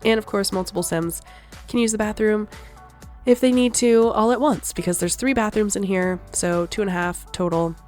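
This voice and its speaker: A woman's voice: mid-range voice, moderate pace, a little mellow, faint music behind. Chatty young woman, rambling and giggly. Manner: chatty, rambling, laughs often. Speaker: gaming vlogger. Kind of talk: casual voice-over commentary.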